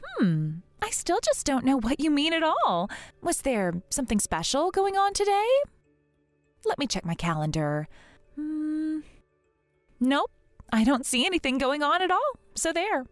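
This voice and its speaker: A haughty rich young woman, voiced by a woman in an animated story drama, speaking with mocking, sing-song contempt. Her voice leaps up and down in lively swings. It sits dry and close, with faint music underneath. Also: high-pitched, measured pace, dry recording.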